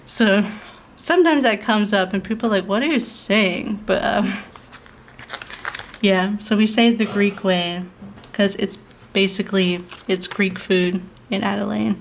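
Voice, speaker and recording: A young woman from South Australia talks in a casual, rambling vlog style, her Australian accent plain throughout. She piles up fillers and restarts and breaks into small laughs as she goes. Her pitch sits in an ordinary middle range. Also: vocal fry, a little hiss or hum. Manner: rambling, chatty, laughs often, many fillers. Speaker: planner vlogger. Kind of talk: casual chat over planning.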